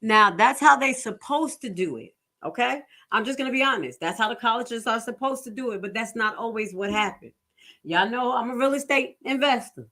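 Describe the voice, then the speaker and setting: A woman's voice: fairly high pitch, normal speed, bright, forceful tone. A woman giving casual commentary, telling stories in a blunt, profane, preachy way. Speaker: commentary vlogger.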